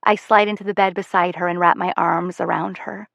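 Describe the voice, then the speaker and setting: A woman giving measured, soft-spoken first-person audiobook narration into a close studio mic. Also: lowish voice, fairly even intonation, gravelly, no echo, highs cut off.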